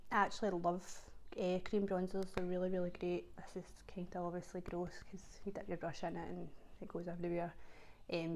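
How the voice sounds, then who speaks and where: A Scottish woman chatting casually to camera for her vlog, her voice sitting at an ordinary middle pitch. She talks in a loose, chatty way, leaning on fillers and doubling up words for emphasis. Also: a little mellow, a little hiss or hum. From Scotland. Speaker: vlogger.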